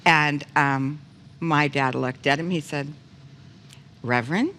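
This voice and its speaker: Animated woman talk show host. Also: low-pitched, measured pace, long reverb tail. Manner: animated, laughing storyteller. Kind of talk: casual storytelling on a talk show.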